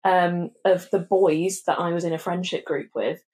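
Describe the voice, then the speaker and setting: A young woman from England, a podcast co-host, telling a story in casual chat, acting out quotes and swearing freely. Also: normal speed. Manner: animated, acts out quotes with big pitch jumps, swears freely.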